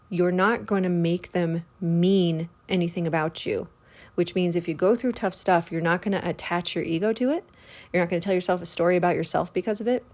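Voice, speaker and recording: A woman's voice: fairly low pitch, a little mellow. A woman hosting a spiritual podcast, relaying a spirit guide's words in a chatty, earnest, casual monologue with the odd swear word.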